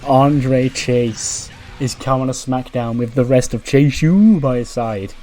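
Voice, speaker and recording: A man's voice: medium pitch, takes it slowly, mellow, soft background music. A man narrating a wrestling game playthrough in a chatty, casual way. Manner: chatty, laughs often. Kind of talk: casual let's-play recap.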